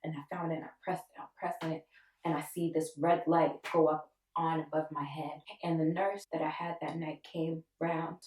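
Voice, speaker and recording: Young woman, lowish voice, emotional storytelling, mic set back in a roomy space. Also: moderate pace. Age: 20s. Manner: emotional, animated retelling with quoted voices. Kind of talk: personal storytelling. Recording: echoey room, voice from a distance.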